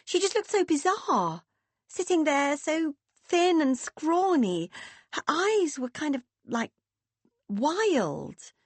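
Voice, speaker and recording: Uneasy teen girl with a high voice, a woman reader doing her, dry close sound. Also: very animated, slow, dry recording, heavily acted. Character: teenage English girl, blunt and uneasy.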